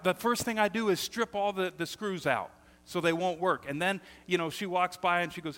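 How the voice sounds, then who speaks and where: A middle-aged man preaching a sermon as pastor, telling stories with lively energy and often repeating words as he starts sentences. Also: high-pitched, moderate pace, hardly any pauses. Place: church sanctuary. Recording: long hall reverb.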